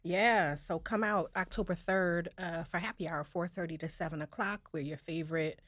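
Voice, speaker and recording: A woman co-hosts a casual talk show in a lowish, close, dry voice. She asks pointed follow-up questions and affirms the others as she talks, keeping an engaged, conversational tone. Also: normal speed, a bit bright, no room sound. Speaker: co-host. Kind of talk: casual discussion.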